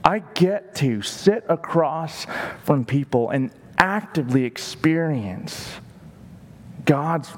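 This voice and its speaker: A man's voice: on the high side, lively intonation, takes it slowly. A man preaching a sermon as pastor, emphatic and stretching words for stress. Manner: emphatic, varies his pace for stress. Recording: long hall reverb.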